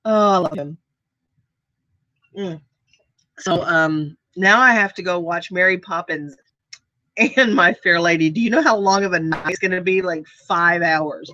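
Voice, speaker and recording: A woman's voice: fairly low pitch, normal speed, pushed and bright, no echo, muffled recording. A woman with a Midwestern accent and a faint Southern trace, chatting casually with viewers, rambling with many ums and restarts. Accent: American Midwest, faint Southern. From United States. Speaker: vlogger. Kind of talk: casual live chat.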